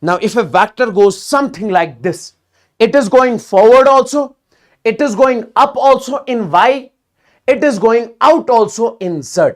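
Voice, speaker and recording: Leading a live online physics exam-prep session, this man speaks in lively bursts, repeating himself and frequently checking on students. His voice is very high-pitched and he talks a little slowly.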